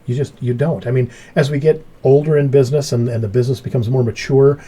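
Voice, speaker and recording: A middle-aged man hosting a relaxed group chat, telling stories with lively jumps in pitch when he acts out what he said. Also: quick pace, husky. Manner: animated storyteller, voice jumps up when acting out his story. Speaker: podcast host. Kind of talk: casual chat.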